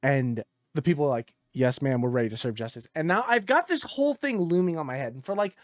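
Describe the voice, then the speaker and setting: A man co-hosting a gaming podcast, telling a story in casual chat, exasperated and profane, dropping low when he quotes others. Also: lively intonation, fast, dry recording, clean studio sound.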